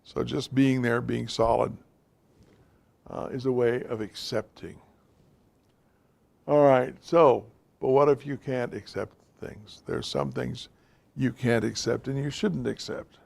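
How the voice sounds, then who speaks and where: A man's voice: medium pitch, steady tone, slow, vocal fry, a little mellow. A man giving an informal, direct talk to a class of men, speaking to them plainly as guys and fellas. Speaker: teacher of a men's class.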